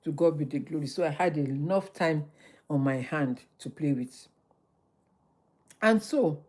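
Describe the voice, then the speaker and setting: A middle-aged woman, hosting a motivational livestream, talking in a lively, preachy way and repeating phrases for emphasis. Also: low voice. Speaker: livestream host.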